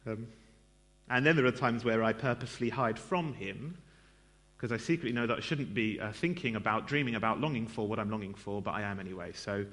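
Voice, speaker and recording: Speaking fairly quickly in a lowish, fairly bright voice, a male preacher gives a chatty church sermon. He pokes fun at himself, uses plenty of fillers, and keeps turning to the congregation with asides.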